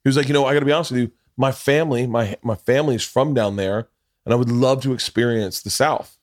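A man's voice: mid-range voice, fast, dry recording, studio quality. A man hosting a podcast, telling a long story in casual chat, rambling with many restarts and plenty of swearing. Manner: rambling, profane, restarts often, gets loud and laughs when excited. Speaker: podcast host.

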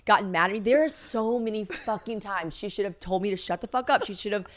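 A woman hosting a podcast, chatting casually and telling stories with lively acted-out exchanges. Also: mid-range voice, fast. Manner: animated storytelling, acting out both sides of a scene. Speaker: podcast host. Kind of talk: casual chat.

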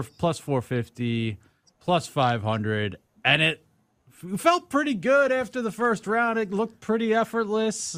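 A man's voice: on the high side, a bit bright, no echo, studio quality. A man hosting a sports betting podcast, chatting loosely with frequent filler words. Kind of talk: casual sports betting chat.

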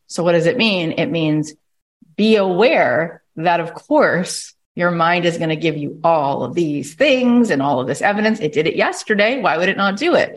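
A woman hosting a podcast minisode, giving a casual motivational monologue in an animated way, acting out little inner voices and often asking "right?". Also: on the low side. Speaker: podcast host.

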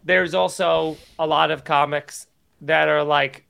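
A man, a comedian guest on a podcast, in casual chat, quick and joking, riffing in mock voices. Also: a little high, fairly even intonation, creaky, bright, forceful tone, clean tone.

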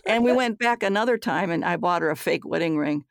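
A woman's voice: on the low side, expressive, fairly quick. An older woman, a psychologist being interviewed, telling stories in a candid, forthright way and acting out the dialogue. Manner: forthright, acts out quoted dialogue. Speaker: guest author and psychologist.

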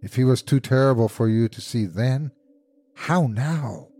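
A man's voice: on the low side, sing-song, normal speed, mellow, slightly rough, dry recording. A man playing a shaken old husband. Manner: shaken, unsteady. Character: frightened elderly husband.

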